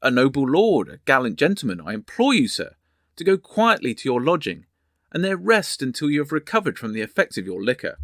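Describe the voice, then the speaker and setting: A man's voice: mid-range voice, big pitch swings, brisk, a bit bright, no room sound, studio quality. A man voicing a frail, elderly night watchman who pleads humbly but holds to his duty. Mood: pleading.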